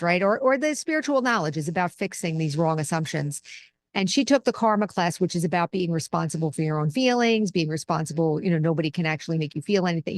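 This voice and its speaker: A woman's voice: lowish voice, a little hiss or hum. A middle-aged woman hosting a casual spiritual talk, teaching in an earnest, conversational way and drawing on personal examples.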